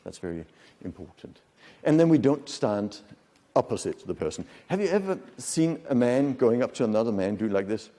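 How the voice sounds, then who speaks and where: A man giving a conference lecture to an audience, lively and demonstrative, often asking the room questions. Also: medium pitch, moderate pace. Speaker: conference speaker. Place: conference hall. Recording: long hall reverb.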